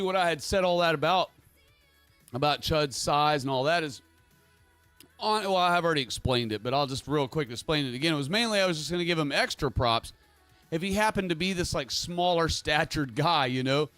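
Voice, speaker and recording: A man's voice: a little high, normal speed, fairly bright tone, clear, resonant tone, no room sound, faint music behind. A man hosting his own livestream, talking casually in a rambling, emphatic way while reading chat messages aloud. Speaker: livestream host.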